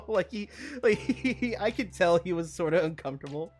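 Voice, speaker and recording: A man's voice: sits high, lively intonation, normal speed, a little mellow. A young man streaming while he builds models, telling a long funny story in casual chat, laughing and swearing often.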